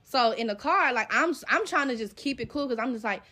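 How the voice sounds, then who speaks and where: A woman's voice: a little high, animated, brisk, pushed and bright. A young woman telling a story from her own life in casual, profane slang, acting out the dialogue as she goes. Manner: profane, slangy, retells scenes with quoted dialogue.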